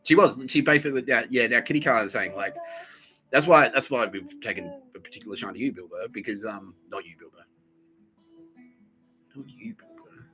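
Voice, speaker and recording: A man's voice: medium pitch, quick pace, sharp tone, faint music behind, poor audio. A man hosting a solo podcast, rambling in a crude, jokey way and laughing often. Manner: crude, giggly, jokey, talks to an absent listener. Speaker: podcast host.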